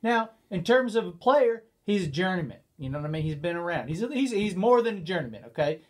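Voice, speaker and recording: A man co-hosting a loose, casual chat, with a voice that sits a little high. He talks in an animated, rambling way, piling on asides. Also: a little fast. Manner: animated, rambling, lapses into put-on quotes. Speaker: co-host.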